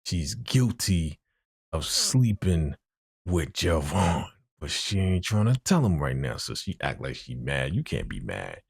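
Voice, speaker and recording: Gravelly low-voiced man recapping a show. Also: unhurried. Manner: animated, slangy, keeps saying "you know". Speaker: TV episode reaction host. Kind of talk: casual recap chat.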